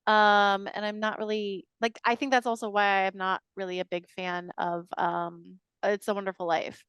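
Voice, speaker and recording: A woman's voice: mid-range voice, flat delivery, normal speed, fairly bright tone, clean tone, no room sound. A woman co-hosting a podcast, chatting casually and hesitantly with lots of fillers. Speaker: podcast co-host. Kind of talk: casual chat.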